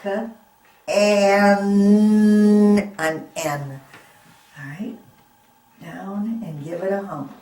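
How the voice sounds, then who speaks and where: A woman teaches beginning readers to spell simple words, sounding each letter out and praising them often. She speaks very slowly, in a voice on the low side. The recording has a roomy echo around her. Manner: slow, patient, encouraging, sounds out letters. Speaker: reading teacher. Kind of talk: phonics lesson for young children.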